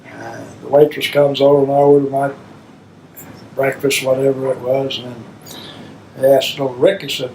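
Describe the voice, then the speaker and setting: A man's voice: medium pitch, little pitch movement, normal speed, gravelly, long pauses, mellow, slight background noise, low-quality recording. An older man, a father telling rambling, folksy stories about his children. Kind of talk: reminiscing storytelling.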